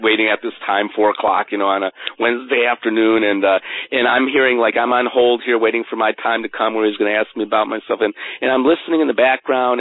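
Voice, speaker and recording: An author appears as an interview guest, a man with a voice on the low side, telling a personal story earnestly and animatedly. He often stumbles over repeated words, and the phone line sounds tinny.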